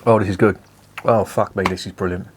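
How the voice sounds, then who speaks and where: A man with a lowish voice talks through a beer tasting in a relaxed, chatty way. He is blunt and enthusiastic and swears freely. A faint hum sits behind him. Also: a little fast. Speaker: beer reviewer. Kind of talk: casual beer review vlog.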